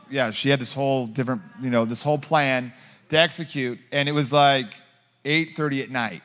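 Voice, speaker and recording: Rambling guest pastor in a reverberant church. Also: male voice, medium pitch, fairly quick. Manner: rambling, filler-heavy, animated when quoting himself. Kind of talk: conversational sermon storytelling. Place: church sanctuary. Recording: long hall reverb.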